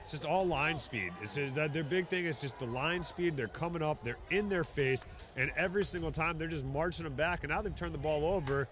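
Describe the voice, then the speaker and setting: Male, 30s, casual rugby color commentator, chatty and quick to get loud on big hits, a touch high, light background noise. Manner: chatty, excitable, bursts into shouts on big plays. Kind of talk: casual live sports commentary. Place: outdoors at a rugby match.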